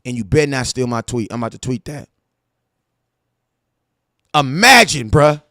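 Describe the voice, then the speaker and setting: A man hosting a casual sports fan show, talking in an animated, slangy way with stories and asides. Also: medium pitch, moderate pace, dry recording, studio quality. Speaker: sports podcast host.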